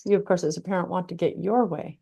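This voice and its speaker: A woman's voice: lowish voice, quick pace, gravelly, mellow, lo-fi sound. A woman hosting a casual interview, chatty and affirming as she responds to her guest. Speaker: podcast host.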